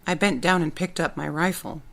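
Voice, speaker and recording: Woman narrating an audiobook, low voice. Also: brisk, creaky. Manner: plain, steady storytelling. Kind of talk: first-person audiobook narration.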